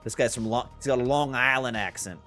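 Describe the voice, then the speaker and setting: A man at middle pitch guides his players through a tabletop game as game master. He narrates loosely and easily, with fillers between his thoughts, and faint music plays under his voice. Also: a little fast, bright, forceful tone.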